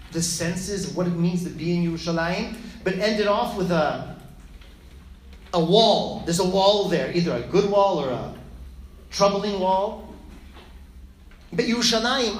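A teacher giving a lively lesson, asking and answering their own questions and acting out the story. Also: medium pitch, unhurried. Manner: animated, asks and answers own questions, acts out voices. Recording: echoey room with faint ambience.

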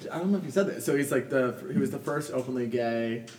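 A man's voice: medium pitch, quick pace, far from the mic, crowd noise. Chatty young man hosting a podcast. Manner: chatty, many fillers and laughs. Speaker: podcast host. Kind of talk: casual chat. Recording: roomy, off-mic with faint noise.

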